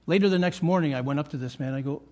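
Racing through his sermon in a fairly high, mellow voice, an older man preaches to his church in its meeting room. The pastor is earnest and keeps repeating key phrases to stress them.

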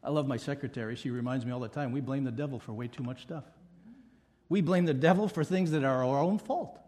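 A man's voice: mid-range voice, a little fast, darkish tone. A middle-aged male pastor preaching a sermon with emphatic repetition and playful asides.

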